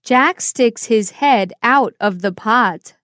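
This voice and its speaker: A woman with a fairly high voice reads a storybook aloud at a very slow, careful pace. Her delivery is clear and simple, and the sound is dry and close. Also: fairly bright tone, dry recording. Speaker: narrator. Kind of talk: slow storybook narration for learners.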